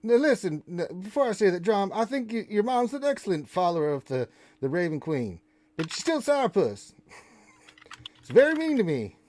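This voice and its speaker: A man's voice: sits high, very animated, moderate pace, a little mellow. A man voicing a crude, wisecracking male raven who bosses the party around and begs for crackers. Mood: sassy. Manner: brash, cheeky, bossy. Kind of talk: tabletop role-play voicing.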